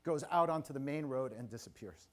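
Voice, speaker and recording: A middle-aged man giving a motivational keynote at a conference, telling a personal story with quick asides and questions to the audience. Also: mid-range voice. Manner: animated, audience-engaging, personal anecdotes with asides. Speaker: keynote speaker. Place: conference stage before a live audience.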